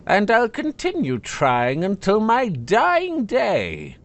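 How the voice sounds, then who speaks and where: A man puts on a spiteful talking sword for a fantasy storybook. The voice is nasal and pitched high, with a wheedling, sarcastic edge. It swoops up and down as it sneers. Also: wildly swooping pitch, takes it slowly, exaggerated voice. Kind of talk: storybook narration.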